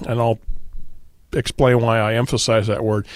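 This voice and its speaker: A man's voice: medium pitch, expressive, takes it slowly, dry recording, studio quality. A man, a pastor guest on a radio talk show, explaining doctrine in a teacherly way and quoting scripture. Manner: teacherly, quotes scripture, occasional fillers.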